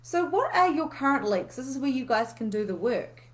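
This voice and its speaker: A woman's voice: high-pitched, sing-song, moderate pace. Chatty woman coach, candid. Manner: chatty and candid, swears freely, reads out viewer comments. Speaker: coach hosting a live session. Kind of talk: casual live coaching talk.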